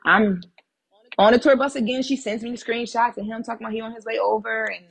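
A woman guest on a podcast, telling a personal story in a casual, animated and blunt way, swearing freely. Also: a little high, brisk, creaky, husky.

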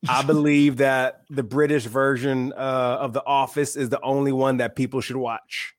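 A man in his thirties from Michigan, a guest and author, talking in a relaxed, wry, opinionated way. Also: mid-range voice, normal speed, no room sound, clean studio sound. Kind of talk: casual chat.

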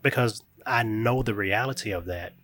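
A man's voice: on the low side, normal speed, fairly bright tone. A man who is raising his grieving grandchild speaks earnestly and reflectively in an interview. He often checks in with a "right?" as he talks. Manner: reflective, emphatic, frequent "right?" check-ins.

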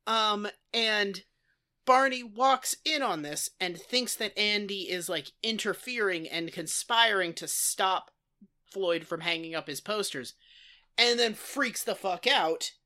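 A woman's voice: medium pitch, slow pace, pushed and bright. A woman co-hosting a podcast in casual comedic chat, rambling with lots of "like" and casual swearing. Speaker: podcast co-host.

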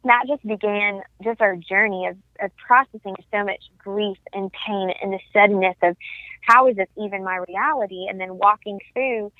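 A woman's voice: medium pitch, moderate pace, no echo. A young woman telling her story of loss in an earnest, heartfelt way as a podcast guest. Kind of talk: personal testimony in a podcast interview. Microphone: phone call. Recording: tinny phone line, dry.

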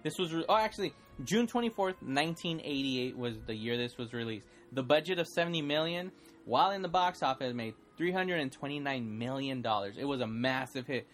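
A man's voice: mid-range voice, lively intonation, a little fast, a bit bright, soft background music. A man co-hosting a movie podcast, teasing his co-host and rambling with many fillers. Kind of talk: casual movie podcast chat.

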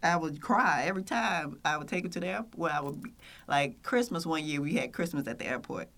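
A woman hosts a loose, candid chat. Her voice is bright and forward, and she tells her stories with animated energy and frequent laughter. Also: deep voice, brisk. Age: 30s. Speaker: podcast host. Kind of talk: casual chat.

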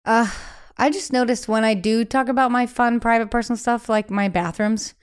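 A woman guest singer chatting casually in an interview, animated and acting out quotes in other voices, laughing often. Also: a little high, moderate pace, clear, resonant tone.

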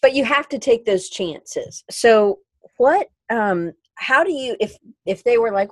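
A woman's voice: on the high side, expressive, a little slow, no echo. Chatty woman hosting a podcast. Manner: chatty, reads out listener comments, laughs easily. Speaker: podcast host. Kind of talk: casual podcast interview.

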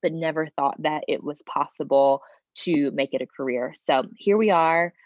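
A low-pitched woman in her thirties with a Southern accent talks through her work in a thoughtful, measured way. The audio is dull and completely dry, like a remote call. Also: no echo. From South Georgia, US. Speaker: guest, wardrobe stylist. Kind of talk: podcast interview.

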